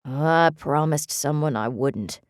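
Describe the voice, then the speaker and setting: Brief: kindly shopkeeper man, hesitant and apologetic, low-ish voice, read by a woman narrator. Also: a little slow, vocal fry, no room sound, clean studio sound. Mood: reluctant. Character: reluctant middle-aged male shop owner, kindly. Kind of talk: audiobook character reading.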